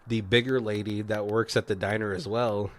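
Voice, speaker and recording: A man co-hosting a casual movie commentary chat, rambling, swearing freely and acting out characters' lines in quick voices. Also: fairly low pitch, little pitch movement. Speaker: podcast co-host.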